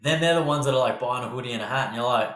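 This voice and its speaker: A man's voice: medium pitch, racing, fairly bright tone. An Australian man hosting a podcast, rambling casually, swearing freely and laughing often. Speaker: podcast host. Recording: roomy echo.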